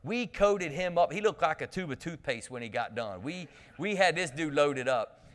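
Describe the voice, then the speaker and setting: Speaking at a moderate pace in a voice on the high side, a male pastor tells camp stories during his sermon, mixing in humor and calling out to the congregation. The church sanctuary gives the recording a long, lingering reverb.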